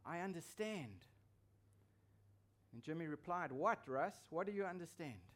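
A man's voice: on the high side, brisk, fairly bright tone. A man preaching a sermon as pastor, emphatic and repeating his key phrases for weight.

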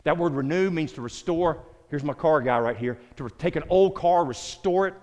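A middle-aged Southern pastor gives sermon-style teaching in a relaxed, conversational manner, his voice a bit high for a man and somewhat dark in tone. He speaks at a normal pace, repeats himself, and addresses listeners by name, while a long hall reverb makes his voice ring out.

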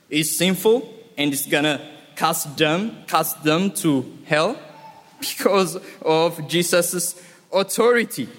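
A man preaching a sermon, emphatic and deliberate, repeating key words for effect. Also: fairly high pitch, fairly bright tone. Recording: reverberant hall.

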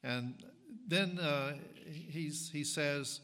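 A man preaching a sermon as pastor, talking in a conversational, halting way with frequent restarts and fillers. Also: medium pitch, fairly bright tone, in a large hall. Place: church sanctuary.

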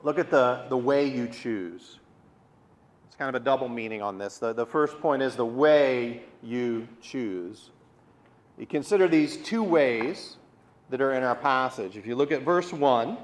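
A man preaching a sermon, earnest and explanatory, often repeating words and slowing down to stress key words. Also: mid-range voice. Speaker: pastor.

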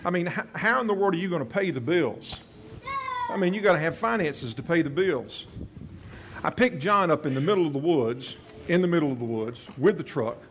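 A man's voice: on the high side, slight background noise. A man preaching a sermon as a pastor, telling a personal story earnestly and often restarting his phrases. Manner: earnest, repeats and restarts phrases, voices quoted prayers softly.

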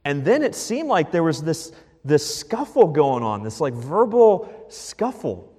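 A man's voice: on the high side, very animated, measured pace, mellow, slightly rough, exaggerated voice. A man voicing a rattled male herdsman who tells a wild story in a folksy, breathless way, with a long hall reverb.

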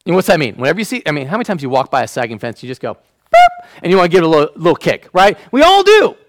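A man preaching a sermon as a pastor. He acts out the quotes and drops to a hush when he wants a point to land. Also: on the high side, lively intonation, racing, no room sound, poor audio.

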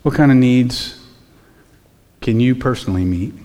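A man's voice: medium pitch, unhurried, dark tone, in a large hall. A man preaching a sermon as pastor, in a conversational way full of rhetorical questions.

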